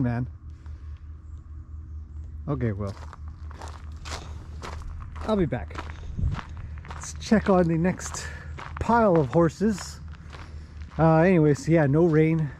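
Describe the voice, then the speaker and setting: A man's voice: fairly high pitch, a little mellow, slight background noise. A man chatting casually in a vlog while walking outdoors among his horses, greeting them in a lifted, sing-song voice. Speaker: horse trainer and owner. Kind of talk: casual walk-and-talk vlog.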